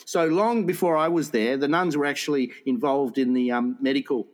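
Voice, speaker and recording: A man's voice: mid-range voice, a little fast. A man in casual chat, rambling through a funny story with frequent laughs and stumbles. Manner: rambling, laughs often, stumbles over words.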